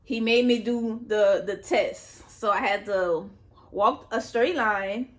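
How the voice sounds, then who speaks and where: A young adult woman vlogger telling a story in casual chat, animated, repeating herself and swearing as she goes. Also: medium pitch, slow pace. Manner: animated, repetitive retelling with swearing. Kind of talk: casual storytime while eating.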